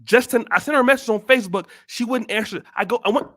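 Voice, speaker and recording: A man with a very high-pitched voice talks fast as he hosts his own channel. He delivers a blunt, scolding motivational monologue packed with repeated rhetorical questions, sounding forceful and preachy.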